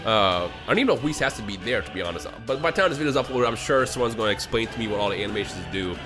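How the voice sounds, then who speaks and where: A man commentating his own mobile game pulls for a video, swinging between low grumbling and shouted, exasperated outbursts. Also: animated, very fast, over music. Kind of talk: gaming vlog commentary.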